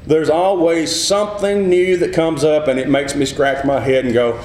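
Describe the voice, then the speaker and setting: A man preaching a sermon with a fairly high voice, teaching earnestly and putting questions to the listeners. His voice rings in an echoey room, and a faint rumble sits underneath it. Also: steady tone, a little mellow. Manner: earnest teaching, asks the listeners questions, acts out quick replies.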